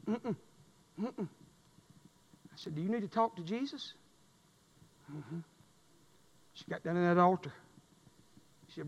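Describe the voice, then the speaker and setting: A high-pitched preacher with a gravelly, fry-edged voice, delivering an impassioned sermon. He drops low and soft, then surges loud and emphatic. His words ring with the long reverb of a big church hall. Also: lively intonation, takes it slowly, long pauses, a little hiss or hum. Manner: emphatic Southern preaching, swings from quiet to loud. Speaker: pastor. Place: church sanctuary.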